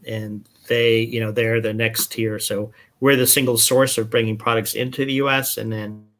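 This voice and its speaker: Male whisky importer guest, relaxed storyteller, video-call audio, mid pitch. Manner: relaxed storyteller, many fillers. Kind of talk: casual chat.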